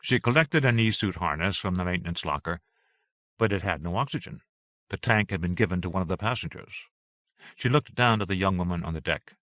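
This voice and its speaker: A man narrating a novel in a measured, expressive reading. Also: deep voice, dry recording, studio quality. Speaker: audiobook narrator. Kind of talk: scripted narration.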